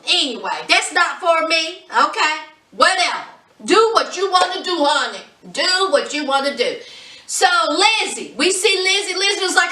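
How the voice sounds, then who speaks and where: Brief: woman reality-show reviewer, sassy and exasperated, unhurried delivery, roomy sound. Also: extremely high pitch, very animated, bright, forceful tone, recorded from a distance. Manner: sassy, exasperated, keeps calling viewers honey. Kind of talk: casual chat review. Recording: echoey room, voice off-mic.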